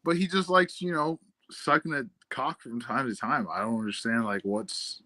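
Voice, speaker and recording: A man on a casual livestream teases others with crude jokes and sounds exasperated. His tone is bright and forceful. The sound is dry and close, with no room around it. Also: mid-range voice, moderate pace, dry recording.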